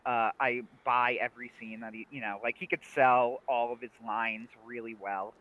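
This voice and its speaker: A young man casually chatting on a livestream about a TV series, animated, laughing often and restarting his sentences. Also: mid-range voice, normal speed, highs cut off. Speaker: livestream co-host.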